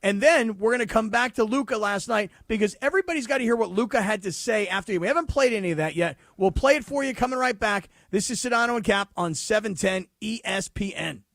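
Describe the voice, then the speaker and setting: A man's voice: high voice, animated, quick pace, vocal fry, hardly any pauses, fairly bright tone, no echo. A man co-hosting a sports talk radio show, bantering in an upbeat, friendly way.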